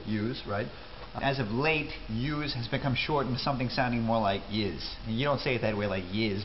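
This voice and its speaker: A man's voice: medium pitch, muffled recording, slight background noise. A man with a New York accent giving a brash, wisecracking tutorial on local greetings. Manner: brash, wisecracking, matter-of-fact. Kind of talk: comedic tutorial.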